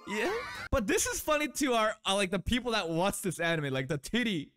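A woman's voice: medium pitch, sing-song, a little fast, over music. A woman hosting an anime reaction video, chatting casually and laughing often as she comments. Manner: giggly, laughs often while talking.

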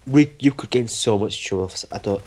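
A man's voice: fairly low pitch, brisk. A young man, chatting dryly and teasingly over a game he is playing with a friend. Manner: dry, teasing and deadpan. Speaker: gamer co-host. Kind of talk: casual gaming commentary.

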